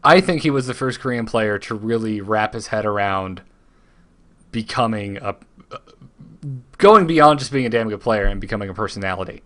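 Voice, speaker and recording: A man hosting a casual gaming podcast, chatting in an easygoing way, with halting restarts when he talks. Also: fairly low pitch, expressive, a bit bright. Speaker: podcast host.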